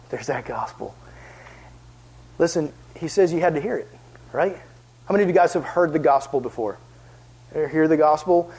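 A man with a high voice preaches to young people, slipping into chuckles as he tells a story. He keeps the room engaged with direct questions, as a youth pastor. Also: a little fast, long pauses, husky. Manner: lively, chuckling storyteller, asks the audience questions. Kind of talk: storytelling sermon.

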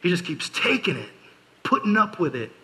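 Male youth pastor, bright higher voice, loose joking sermon, lots of fillers. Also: very animated, normal speed, low-quality recording. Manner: chatty storytelling with many fillers, joking asides.

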